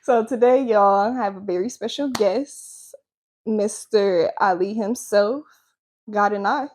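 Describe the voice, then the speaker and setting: A woman's voice: medium pitch, a little slow, darkish tone. A woman hosting an interview, upbeat and bubbly, laughing often. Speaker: host. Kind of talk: casual interview chat.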